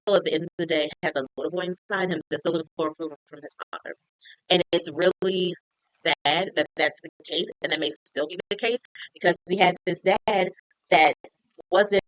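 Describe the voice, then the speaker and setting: A woman's voice: fairly low pitch, dry recording, low-quality recording. Chatty woman recapping a show. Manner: chatty, retells scenes with lots of "like". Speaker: TV recap reviewer. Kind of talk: casual recap chat.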